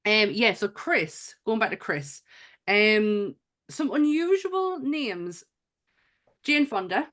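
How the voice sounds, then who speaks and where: A woman's voice: mid-range voice, expressive, slow pace, fairly bright tone. A woman from England co-hosting a film podcast in casual chat, swearing now and then and often restarting her sentences. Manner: chatty, swears, trails off and restarts. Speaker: podcast co-host.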